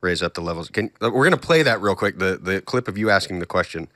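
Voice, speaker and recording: A man hosting a podcast, teasing his guests in an animated way. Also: low-pitched, fast talker, no room sound, studio quality. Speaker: podcast host. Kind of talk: casual podcast chat.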